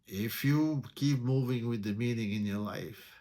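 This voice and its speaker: A mid-range, mellow male voice guides listeners through meditation in a spiritual talk. He talks deliberately, repeating key terms and raising rhetorical questions.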